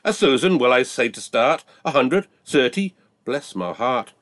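A Scottish man voicing a loud, pushy cattle auctioneer in recited dialect verse. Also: mid-range voice, animated, measured pace, lightly acted. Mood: selling hard. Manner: brash, wheedling sales patter.

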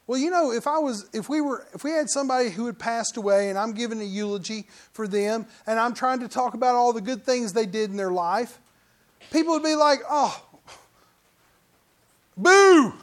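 High-voiced man preaching a conversational sermon. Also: brisk. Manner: conversational preaching with sudden loud mock outbursts. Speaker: pastor.

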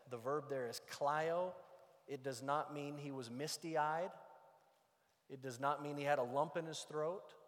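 A man preaching a sermon, moving from loud emphatic points to hushed, quiet passages. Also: fairly high pitch, long reverb tail. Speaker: pastor.

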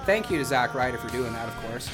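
A man co-hosting a live wrestling radio show, enthusiastic and quick to laugh. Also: mid-range voice, expressive, over music. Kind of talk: casual radio chat.

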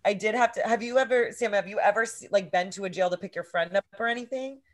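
A woman's voice: medium pitch, quick pace. Swearing woman telling a wild story. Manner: animated storytelling, heavy swearing. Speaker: podcast co-host. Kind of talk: casual chat.

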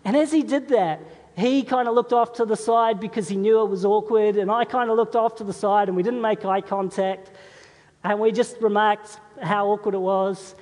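A man's voice: high-pitched, steady tone, normal speed, darkish tone. A man, a pastor, preaching a sermon in a conversational, storytelling way and putting questions to his congregation. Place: church. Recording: long reverb of a large hall.

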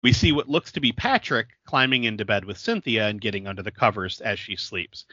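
Man, podcast co-host, casual film recap, laughs a lot, bright tone, dry dull lo-fi sound. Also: on the low side, a little fast, no room sound. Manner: laughs often, fills talk with "like".

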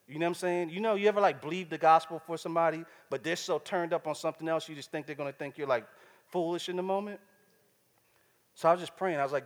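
A man's voice: on the high side, a little fast, fairly bright tone, big-room sound. A man preaching a sermon in a casual, slangy, conversational way, often checking in with the crowd.

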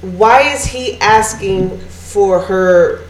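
A woman's voice: medium pitch, drawn-out words, a crowd in the background. A woman co-hosting a casual discussion, chatty and thinking aloud. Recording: roomy echo.

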